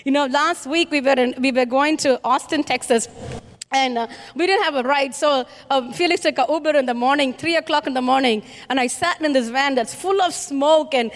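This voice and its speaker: A woman's voice: high voice, moderate pace. A woman from India, preaching a sermon with emphatic, repeated rhetorical questions to the congregation. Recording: reverberant hall.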